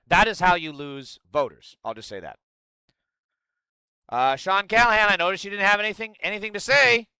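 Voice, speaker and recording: Brash, lively male political commentator. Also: sits high, normal speed, clear, resonant tone, dry recording. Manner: blunt, profane and angry.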